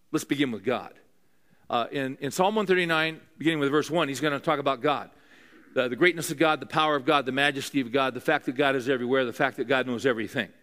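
A man preaching to a room full of men in an earnest, conversational way. He keeps turning to the listeners with questions. His pitch sits in the middle range for a man. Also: fairly bright tone. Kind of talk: sermon.

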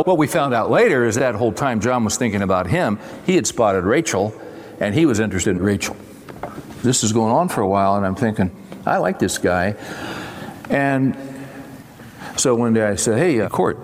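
A man's voice: medium pitch, animated, normal speed, long pauses, a little mellow, slight background noise. Older male preacher in a reverberant hall. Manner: folksy, conversational preaching with acted-out dialogue. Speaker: pastor. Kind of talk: sermon. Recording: long reverb of a large hall.

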